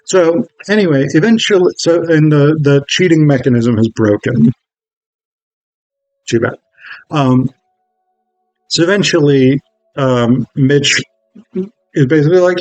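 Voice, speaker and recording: A man's voice: a little high, measured pace, pauses often, darkish tone, dry recording, poor audio. A man recapping a film in a casual, rambling way, with many fillers and self-corrections. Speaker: film reviewer.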